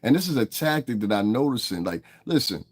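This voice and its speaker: A man hosting a livestream speaks fairly quickly in a medium-pitched, slightly rough, very animated voice. Talking straight to chat, he unleashes a profane and confrontational rant at his viewers.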